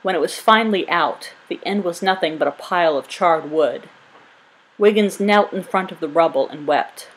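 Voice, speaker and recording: A woman reading a children's storybook aloud in an even storytelling manner. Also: fairly low pitch, moderate pace, husky, rough recording. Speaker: storybook reader.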